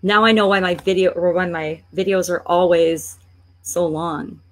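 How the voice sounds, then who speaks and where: A woman's voice: on the low side, steady tone. Chatty woman narrating a screen-share tutorial. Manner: chatty, thinking aloud while clicking; playfully exasperated at a slow computer. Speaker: online business coach.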